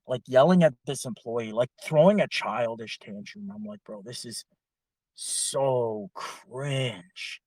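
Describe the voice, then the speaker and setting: Casual young male podcaster, profane and animated, dry close mic. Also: medium pitch, slow pace, no echo. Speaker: podcast co-host. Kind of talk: casual storytelling chat.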